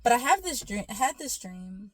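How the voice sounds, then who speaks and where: A woman's voice: fairly high pitch, very animated, normal speed, no echo. Encouraging woman speaker, dry close sound. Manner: warm encouraging, storytelling, calls listener "baby". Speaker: faith and self-care speaker. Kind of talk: casual inspirational talk.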